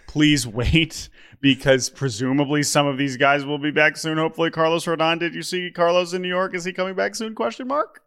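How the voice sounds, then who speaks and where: A man's voice: a little high, steady tone, a little fast, a bit bright, clean tone. A man co-hosting a sports podcast in casual chat, wry and hesitant, with frequent restarts. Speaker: podcast co-host.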